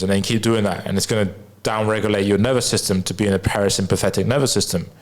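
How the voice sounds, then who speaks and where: A man who coaches health, telling a personal story in a candid, rambling way, with frequent swearing and fillers. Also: lowish voice. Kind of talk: casual personal storytelling to camera.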